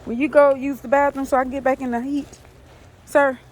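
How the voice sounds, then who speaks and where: High-pitched, unhurried woman doing a casual live chat while fussing over her dog on a phone, with a roomy echo. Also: level tone. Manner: chatty, coos and fusses at her dog. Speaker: vlogger talking to her dog on a livestream. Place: outdoors in a yard. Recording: echoey with long reverb, faint noise.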